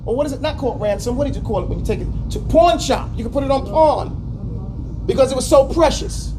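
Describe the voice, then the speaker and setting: A man teaching a class, animated and stop-start, having students repeat words after him. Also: very high-pitched, brisk, over music. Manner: stammers and restarts often. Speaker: teacher of Quran exegesis class. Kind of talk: classroom lesson.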